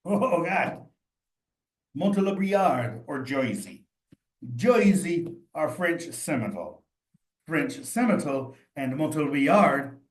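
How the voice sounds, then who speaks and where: A man leading a live study session, thinking aloud and talking straight to his students in a chatty, encouraging way. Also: mid-range voice. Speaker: cheese instructor. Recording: roomy echo.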